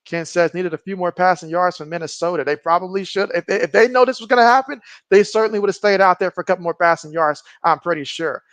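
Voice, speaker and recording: A man's voice: sits high, quick pace, hardly any pauses, no echo. A man hosting a live sports stream, calling the game and reading viewer comments aloud in casual chat. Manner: reads viewer comments aloud, excitable on big plays. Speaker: live stream host doing play-by-play.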